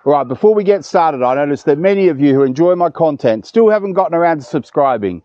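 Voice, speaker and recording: Here the same kind of speaker, a man in his fifties at an outdoor dog kennel, talks to camera in a relaxed, warm-hearted vlog that's chatty and full of emotion. His voice runs on the high side, animated and quick. The recording is muffled but has no echo.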